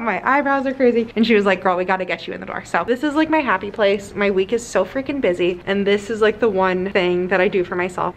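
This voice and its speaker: A woman in her twenties vlogging casually to camera at home, excitable and gushing, with lots of fillers. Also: mid-range voice, a little hiss or hum. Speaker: lifestyle vlogger. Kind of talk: casual vlog talk to camera. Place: apartment, indoors. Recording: echoey room.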